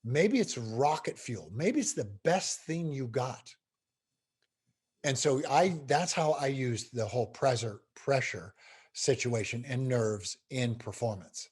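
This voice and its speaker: Husky, animated man telling a story. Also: medium pitch, slow pace. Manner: animated, building intensity. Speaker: guest speaker. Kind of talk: storytelling interview answer.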